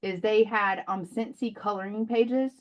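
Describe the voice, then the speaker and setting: A woman's voice: medium pitch, fairly even intonation, a little slow. Chatty mom-type lady on a video call, muffled lo-fi sound, lots of ums and likes. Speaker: direct sales consultant. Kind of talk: casual chat.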